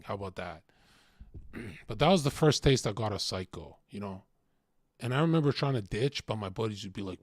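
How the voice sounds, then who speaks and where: A young man talking casually in a crude, rambling storytelling monologue, swinging from loud outbursts to mumbled asides. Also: fairly low pitch, no room sound. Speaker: podcast host.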